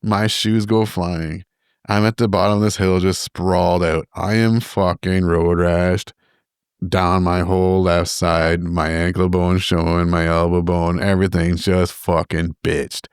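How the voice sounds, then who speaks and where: A man's voice: low-pitched, a little slow, clean tone, dry recording, studio quality. Profane man telling stories. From Canada. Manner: profane, animated, laughs at his own stories. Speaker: podcast co-host. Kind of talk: casual storytelling chat. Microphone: podcast studio microphone.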